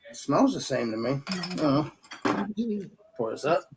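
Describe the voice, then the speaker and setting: A man's voice: on the high side, big pitch swings, measured pace, background noise. A man hosting a casual live stream, talking in an easygoing, loose way. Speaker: host.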